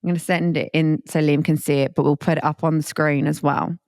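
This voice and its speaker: A woman's voice: low voice, steady tone, darkish tone, no echo, clean studio sound. A young woman in her twenties, co-hosting a podcast in casual chat, reacting and teasing her co-host. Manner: reactive, quick teasing interjections.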